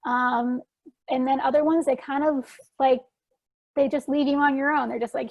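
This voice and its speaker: A woman's voice: sits high, fairly even intonation, moderate pace, creaky. A woman answering questions at an online talk in a chatty way, with lots of fillers and restarts. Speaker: guest speaker answering questions. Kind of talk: casual conference Q&A.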